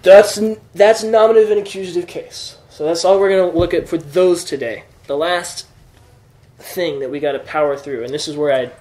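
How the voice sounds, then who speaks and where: With a mellow voice on the high side, this Greek teacher patiently works through a lesson, pausing to confirm his students understand. The recording has room echo.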